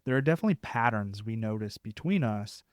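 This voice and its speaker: A young man co-hosting a podcast, speaking in a reflective, measured way. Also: fairly low pitch, expressive, dry recording, studio quality. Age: young adult. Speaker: podcast co-host. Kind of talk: podcast conversation.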